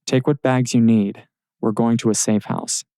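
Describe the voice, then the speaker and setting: Man as gruff protective operative, clipped orders, dark gravelly low voice. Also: fairly even intonation, normal speed, dry recording, natural voice. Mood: firm.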